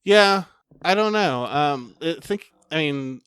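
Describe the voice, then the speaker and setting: A man's voice: on the high side, animated, slow, fairly bright tone, smooth, no room sound, studio quality. A man hosting a casual pop culture podcast, running through the news in a chatty, rambling way. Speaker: podcast host. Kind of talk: casual chat.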